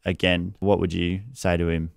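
A deep-voiced man hosts an interview with a measured, affirming manner. His tone is smooth and resonant, with very little rise and fall. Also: completely flat delivery, dry recording. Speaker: interview host. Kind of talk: conversational interview.

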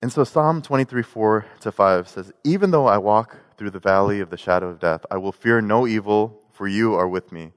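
A man's voice: lowish voice, normal speed, few pauses, smooth. Man preaching conversationally in a reverberant hall. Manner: conversational, joking storytelling. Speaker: pastor. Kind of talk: sermon.

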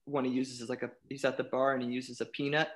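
A man chatting casually on a podcast, animated, often restarting his sentences and laughing. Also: mid-range voice, fast talker. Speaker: panelist.

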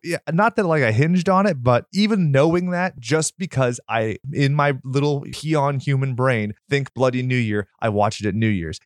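A man co-hosting a casual movie review chat, swearing freely and joking in animated asides. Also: mid-range voice, no echo, studio quality. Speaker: podcast co-host.

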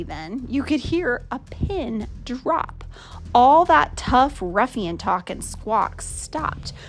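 A woman reads a children's picture book aloud with expressive storytelling. Her voice is high and very lively, and she takes her time over each line. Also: gravelly.

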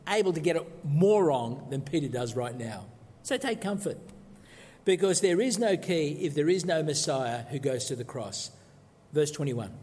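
A man preaching a sermon emphatically, posing rhetorical questions and dropping low for solemn points, recorded in a church. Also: a little mellow. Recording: long echoey hall reverb.

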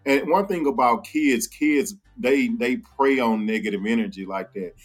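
A man's voice: medium pitch, moderate pace, slightly rough. A man talking as a podcast guest about co-parenting, earnest and storytelling, sometimes acting out what others said. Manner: earnest, storytelling, acts out quoted speech. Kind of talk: casual conversation.

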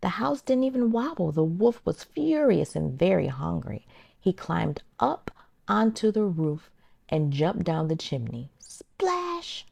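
Gravelly-voiced woman reading to toddlers. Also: fairly low pitch, very animated, unhurried, warm tone, dry recording. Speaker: children's circle time host. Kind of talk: storybook read-aloud for toddlers.

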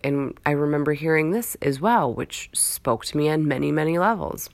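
Low, gravelly-voiced woman giving a pep talk. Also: expressive, moderate pace, few pauses, dry recording. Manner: earnest, rambling, repeats herself for emphasis. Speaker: motivational speaker. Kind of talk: casual motivational monologue.

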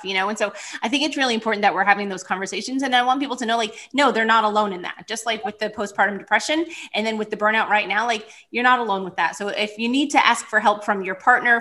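A woman's voice: medium pitch, sharp tone. A woman guest in a casual talk, giving reassuring advice in an encouraging manner. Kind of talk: casual podcast chat.

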